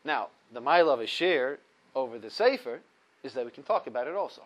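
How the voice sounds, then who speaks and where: A man teaching a religious ethics lesson, telling a story animatedly with big swings between loud and soft. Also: mid-range voice, animated, a little fast. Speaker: Torah teacher.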